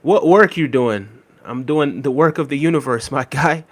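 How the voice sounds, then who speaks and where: A young adult man streaming live, reading viewer chat with an easygoing manner, many ums and friendly shout-outs. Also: mid-range voice, moderate pace.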